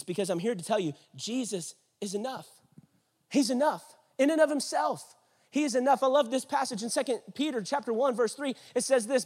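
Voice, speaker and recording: A male pastor preaching a sermon, swinging from hushed, slow lines to loud, repeated prayer cries. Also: high voice, breathy edge. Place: church stage.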